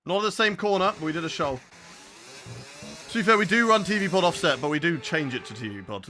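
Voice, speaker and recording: A man's voice: fairly high pitch, fast talker, background noise. A man with a southern English accent streaming a racing game, joking and chatting energetically with his viewers. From southern England. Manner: energetic, jokey, chats to viewers. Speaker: gaming streamer. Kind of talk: live gameplay commentary chatting with viewers.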